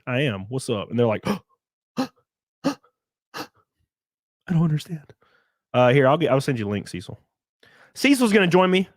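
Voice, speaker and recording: A man chats on his livestream, reading viewer messages aloud and mimicking critics in mocking voices. His voice sits at an ordinary middle pitch, and the room sounds dry and close. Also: dry recording. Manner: animated, swears, mocks critics in put-on voices. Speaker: livestream host. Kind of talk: casual livestream chat reading super chats.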